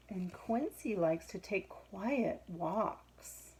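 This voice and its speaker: Husky, slow-paced woman reading to children with a lively, animated lilt. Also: lowish voice, a little hiss or hum, poor audio. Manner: explaining, asking the listener questions. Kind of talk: children's picture-book read-aloud.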